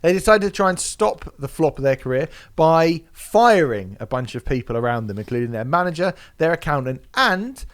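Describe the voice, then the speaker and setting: A man co-hosts a casual podcast, talking with a slightly raised pitch that swoops up and down a lot. His delivery is sarcastic and mocking. He laughs often as he talks. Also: very animated, moderate pace, few pauses. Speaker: podcast co-host.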